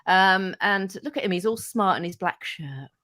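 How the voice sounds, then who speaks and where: Woman, middle-aged, radio presenter as chatty guest, animated and a bit sweary. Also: medium pitch, moderate pace. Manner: animated, acts out quoted voices, swears freely. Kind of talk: casual anecdote telling.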